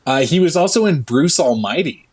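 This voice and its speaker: A man co-hosting a podcast in casual chat, low-key and quick with dry one-liners. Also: animated, slightly rough. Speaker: podcast co-host.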